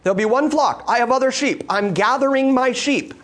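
A man's voice: extremely high pitch, a little fast, fairly bright tone. A man preaching a sermon to a live congregation, emphatic and full of rhetorical questions put to the listeners. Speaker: pastor.

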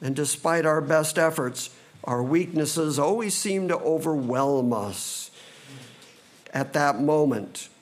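A man preaching a sermon, reading scripture slowly and dramatically, then speeding up for asides. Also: on the high side. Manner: slow and dramatic, quickening in asides.

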